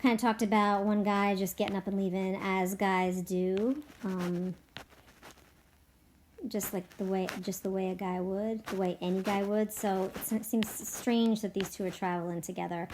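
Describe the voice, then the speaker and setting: A woman's voice: medium pitch, fairly even intonation, normal speed, a little mellow, a little hiss or hum. A woman reading a novel aloud as a teacher, stopping for chatty asides full of fillers and self-corrections. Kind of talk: read-aloud with casual commentary.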